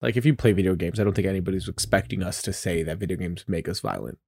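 A man's voice: deep voice, gravelly, darkish tone, slightly rough, dry recording. A man co-hosting a podcast, speaking with enthusiasm in a casual chat. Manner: enthusiastic, rapid talker. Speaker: podcast co-host.

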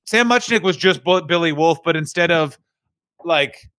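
A man's voice: a little high, lively intonation, moderate pace, a bit bright, dry recording. A man co-hosting a comedy podcast, rambling through the history with jokes. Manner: rambling, jokey, slips into silly character voices. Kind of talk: comedic casual chat.

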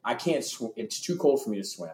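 A man telling road stories as an interview guest in a loose, excitable way, full of fillers and restarts. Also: mid-range voice, roomy sound, noisy background. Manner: animated, fast, lots of fillers and restarts, acts out voices. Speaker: interview guest, former tour hypeman. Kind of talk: casual storytelling.

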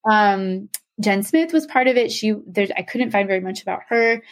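Her medium-pitched voice is lively and moves at an ordinary clip. She's a young woman explaining something to her podcast partner in a chatty, loose way, with plenty of "um" and "like" thrown in.

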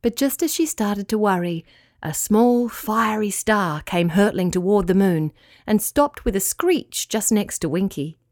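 Female storyteller, gentle bedtime reading, dry and close. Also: medium pitch, a little slow, dry recording. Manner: soft, gentle and expressive. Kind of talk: children's bedtime story narration.

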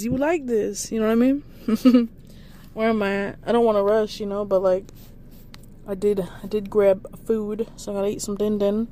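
Goofy, encouraging woman with a mellow voice. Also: mid-range voice, steady tone, normal speed. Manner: goofy, rambling, hypes listeners up; affectionate, encouraging. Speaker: podcast host. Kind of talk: casual motivational monologue.

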